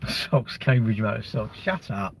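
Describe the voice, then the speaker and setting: A man's voice: fairly low pitch, animated, slow, creaky, a little hiss or hum. A man, chatting on a live stream in a rambling, blunt way, with crude banter and answers to viewers' comments. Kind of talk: casual live-stream chat.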